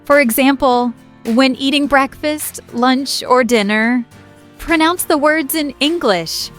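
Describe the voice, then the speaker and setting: A woman teaching a slow beginner English lesson, speaking clearly and repeating each word for the learner. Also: sits high, fairly bright tone. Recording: dry close voice with faint music. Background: faint background music.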